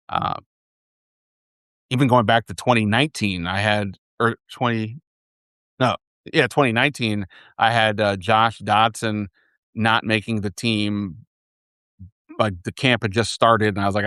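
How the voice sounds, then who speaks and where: A man's voice: fairly low pitch, fairly bright tone, smooth, dry recording, studio quality. A man hosting a sports podcast in casual chat, rambling and restarting often as he thinks aloud. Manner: rambling, self-correcting, many restarts. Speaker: podcast host.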